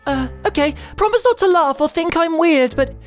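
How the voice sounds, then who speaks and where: A woman's voice: very high voice, lively intonation, normal speed, soft background music. A woman voicing a nervous stammering boy inventor. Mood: eager. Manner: stammering, eager to please. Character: nervous young male inventor. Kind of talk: cartoon voice acting.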